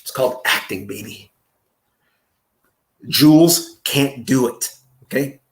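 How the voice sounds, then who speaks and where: Slow, mocking man in an echoey room. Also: mid-range voice, expressive. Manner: crude, mocking, scattered asides. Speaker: reaction video host. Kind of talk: profane comedic reaction commentary.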